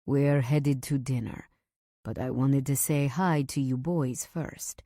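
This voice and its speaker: A woman's voice: very deep voice, steady tone, slow, mellow, dry recording, studio quality, exaggerated voice. A woman voicing a domineering mafia husband who speaks in a firm, clipped, controlling way. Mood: commanding. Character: domineering mafia husband, calm, commanding man.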